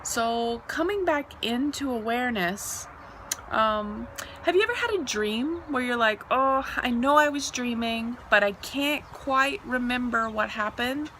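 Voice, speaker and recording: A woman's voice: on the high side, expressive, unhurried, bright, forceful tone, slight background noise. A woman earnestly describing her own near-death experience in a reflective, explanatory way. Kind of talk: reflective personal storytelling.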